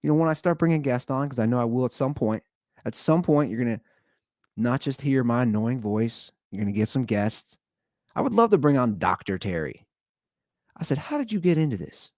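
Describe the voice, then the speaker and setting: A man in his thirties hosting a casual solo podcast from home, talking in a rambling way that swings from loud bursts to low asides. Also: animated, normal speed, no echo, clean studio sound. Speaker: podcast host.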